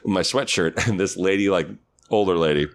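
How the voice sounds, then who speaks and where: A man, a guest on a podcast who performs at a theme park, telling casual stories and acting out the people in them. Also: normal speed. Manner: animated, acts out quoted people in high voices. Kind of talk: casual storytelling chat.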